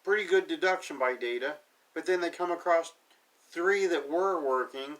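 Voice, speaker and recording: A TV episode reviewer with a slightly high, somewhat bright voice recaps an episode at a moderate pace, dry and sarcastic, offhandedly paraphrasing what the characters say. He seems set back from the mic, giving his voice a little distance.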